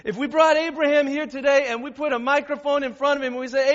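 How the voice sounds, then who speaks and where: A man preaching a sermon as pastor, emphatic, with dramatic pauses and swings from loud to hushed. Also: very high voice, steady tone. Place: church hall with stage. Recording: dull recording in a reverberant hall.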